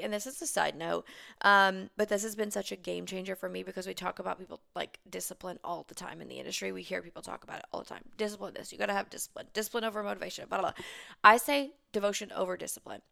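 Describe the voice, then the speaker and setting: Brief: woman, 30s, coach hosting her own podcast, gravelly fry, emphatic, casual swearing. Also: mid-range voice, fairly even intonation, fast, pushed and bright. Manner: chatty, emphatic, swears and laughs often. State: thirty-five weeks pregnant, short on sleep. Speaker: business coach and podcast host. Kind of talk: casual solo podcast monologue.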